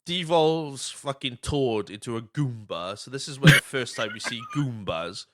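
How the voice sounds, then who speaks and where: A man hosting a laid-back movie podcast. His pitch swings up and down a great deal as he retells scenes, and his tone is bright and forward. He swears freely and drops into quick impressions of the characters. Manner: animated, sweary, retells scenes with quoted voices. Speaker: podcast host. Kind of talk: casual podcast movie chat.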